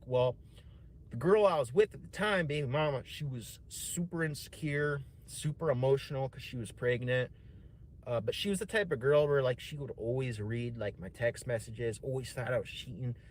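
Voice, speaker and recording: A man rambles through a personal story on a stream, swearing freely and tossing in "man" and "dude". His voice sits at an ordinary middle pitch. A faint hum of room ambience runs underneath. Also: moderate pace.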